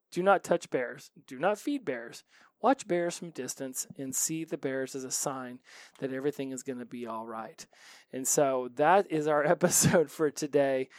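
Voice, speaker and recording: A man hosting a solo self-help podcast, telling stories in a chatty, animated way. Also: mid-range voice, clear, resonant tone, dry recording. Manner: chatty, animated storytelling with laughs. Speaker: podcast host.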